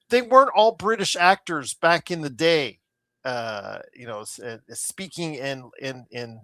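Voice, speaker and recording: A man's voice: on the high side, animated, measured pace, bright, forceful tone, no echo. A man co-hosting a casual podcast over a call, talking in a rambling way with many fillers and restarts, tired of online controversies. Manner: exasperated about controversies. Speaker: podcast co-host. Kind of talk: casual chat. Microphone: remote call mic.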